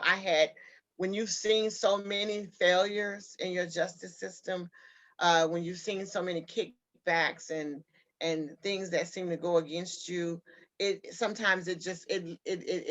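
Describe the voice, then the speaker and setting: A woman's voice: fairly low pitch, fairly even intonation, unhurried, bright, forceful tone. A woman guest telling a personal story in an interview, earnest and heartfelt.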